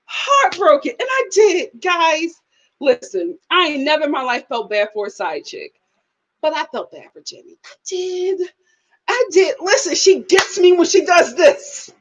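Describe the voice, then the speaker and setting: A woman's voice: very high voice, sing-song, unhurried. A woman doing a live review of a reality TV episode, telling it dramatically and breaking into laughter.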